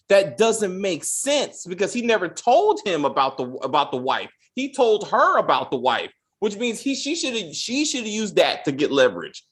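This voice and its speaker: A man hosting a casual film review chat, profane and animated, often stumbling and restarting as he acts out quotes. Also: sits high. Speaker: podcast host.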